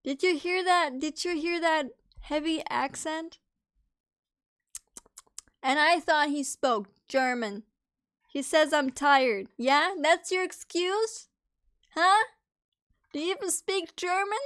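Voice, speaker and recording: A woman's voice: high voice, takes it slowly, long pauses, fairly bright tone. A young woman live-streaming in casual chat, teasing her friends playfully and swearing freely.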